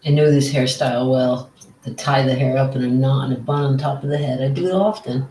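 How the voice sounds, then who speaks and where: A live-stream painter talking casually while working, muttering to themself, repeating words as the brush moves and often dropping to soft whispers. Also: medium pitch, fairly even intonation, brisk, slight background noise. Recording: roomy echo.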